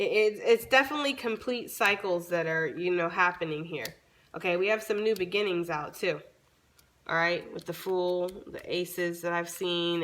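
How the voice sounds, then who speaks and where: A woman doing a casual tarot reading for her viewers, chatty and informal, swearing freely, her voice a little raspy from long talking. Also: on the low side, fairly bright tone. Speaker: tarot reader.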